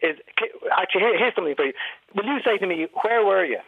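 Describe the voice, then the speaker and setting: Irish voice coach on a tinny phone line. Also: male voice, sits high, racing, creaky, breathy edge, dry recording. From Ireland. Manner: animated storyteller, demonstrates accents aloud. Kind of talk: phone-in radio chat.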